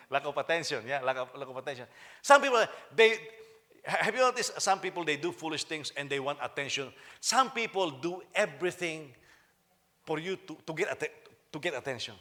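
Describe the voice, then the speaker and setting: A middle-aged man, preaching a sermon as senior pastor, joking with the congregation and often repeating and restarting his phrases. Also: a little high. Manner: animated, joking with the congregation, frequent repetitions and restarts.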